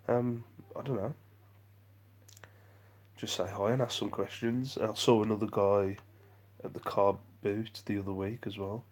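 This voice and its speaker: A man's voice: fairly low pitch, little pitch movement, measured pace, pauses often, a little mellow. A man chatting on a live vlog stream, rambling and self-deprecating as he reads out viewer comments. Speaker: vlogger.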